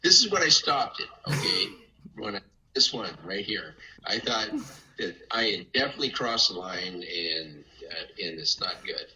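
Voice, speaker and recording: An older man telling casual stories with animated delivery, laughing often and acting out voices. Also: low voice, normal speed, roomy sound, low-quality recording. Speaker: family friend telling stories. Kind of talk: casual storytelling.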